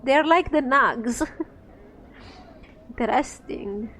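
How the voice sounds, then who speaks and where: A woman's voice: fairly high pitch, slow, a bit bright, slight background noise. A woman playing through a game, reading its text aloud and adding chatty, giggly comments. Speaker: game streamer.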